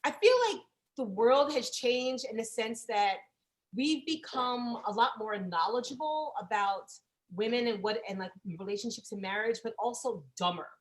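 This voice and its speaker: A woman in her forties doing a profane, chatty stand-up set that bursts into loud exasperated rants. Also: a little high, moderate pace. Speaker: stand-up comedian.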